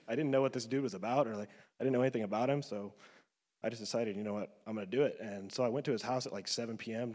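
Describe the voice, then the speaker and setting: A man's voice: mid-range voice, darkish tone, big-room sound. A man in his twenties giving a personal faith testimony, earnest and emotional, full of casual fillers. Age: 20s. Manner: earnest, emotional, loose with fillers like "you know".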